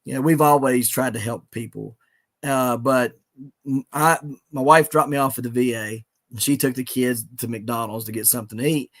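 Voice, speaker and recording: A middle-aged man tells a moving personal story in an earnest, halting way, full of restarts. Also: medium pitch, steady tone, a bit bright. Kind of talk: emotional storytelling in conversation.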